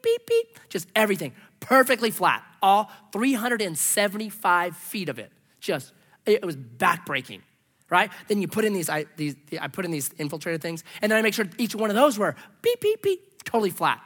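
A male pastor preaching a sermon, telling stories with acted-out dialogue and swinging from loud exclamations to hushed asides. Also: on the high side.

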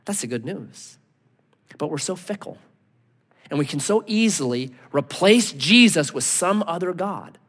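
Male pastor, 40s, expressive sermon delivery; lively pitch, long hall reverb. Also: unhurried. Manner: animated, rhetorical questions, sudden hushed asides.

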